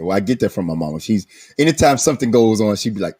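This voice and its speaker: Earnest low-voiced man hosting a podcast. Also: animated, darkish tone. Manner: earnest, reflective, speaks slowly at times. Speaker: podcast host. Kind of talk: recovery podcast interview.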